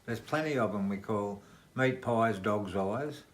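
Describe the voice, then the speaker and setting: A man's voice: on the low side, a little slow. An Australian man answering questions at home for a casual home video, with dry, joking understatement. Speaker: interviewee. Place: living room of a home.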